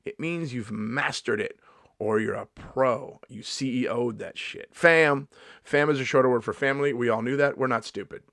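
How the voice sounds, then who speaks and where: A man in his fifties riffs through a comedy vlog monologue in a sarcastic, mock-indignant tone, swearing freely along the way. His voice sits at an ordinary middle pitch. The sound is dry and close, with no room echo. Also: normal speed, gravelly, a bit bright. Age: 50s.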